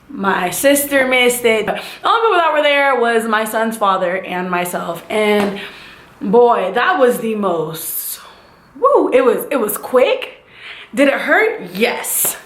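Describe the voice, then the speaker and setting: A young woman tells a casual storytime with lots of animation, jumping into other people's voices as she goes. Her voice sits fairly high. The room around her is echoey. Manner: animated, acts out voices and sound effects. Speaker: vlogger.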